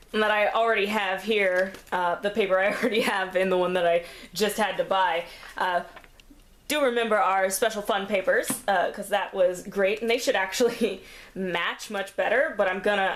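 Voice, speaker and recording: A woman's voice: mid-range voice, fairly bright tone, a little hiss or hum. A woman chatting casually while making a craft, self-deprecating and laughing often, a little out of breath. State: slightly out of breath. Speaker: craft vlogger.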